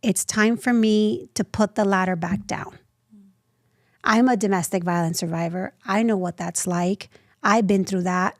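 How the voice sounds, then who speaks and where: A woman in her thirties, a nonprofit founder telling her story as an interview guest, lively and acting out the voices she quotes. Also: medium pitch, dry recording, studio quality. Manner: animated, acts out quoted voices.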